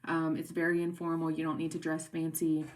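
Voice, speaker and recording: Woman, 30s, course instructor; casual rambling delivery with fillers, slightly low pitch, has hiccups. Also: a little fast. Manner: relaxed, rambling, many fillers. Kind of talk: casual recorded class briefing.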